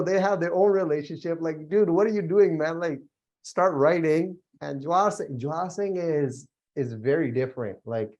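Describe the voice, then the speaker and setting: A man's voice: a little high, muffled recording. A young man leading a casual religious study class, talking loosely with lots of fillers and easy laughs. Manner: relaxed, chatty, many fillers and laughs. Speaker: Gurbani class teacher. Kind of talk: casual spiritual class talk.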